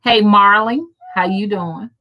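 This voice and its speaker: A woman's voice: medium pitch, unhurried, muffled recording. A middle-aged woman, hosting a casual livestream chat, folksy and profane, greeting viewers by name. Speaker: rootworker and channel host.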